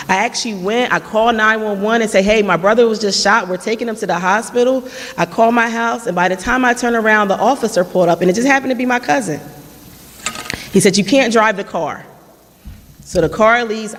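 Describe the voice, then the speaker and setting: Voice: medium pitch, a bit bright. A person in their late thirties giving an earnest personal testimony at a community forum, retelling past conversations in their own voice. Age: late 30s. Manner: earnest storytelling with reenacted dialogue. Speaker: forum speaker. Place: church hall. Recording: long church-hall reverb.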